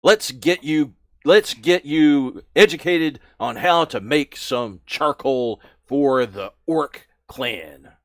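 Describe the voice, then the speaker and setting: Gruff bullying orc camp guard, put on by a male game master, loud and sneering, dry close sound. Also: mid-range voice, animated, slow, no room sound. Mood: scornful. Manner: loud, scornful, barking insults.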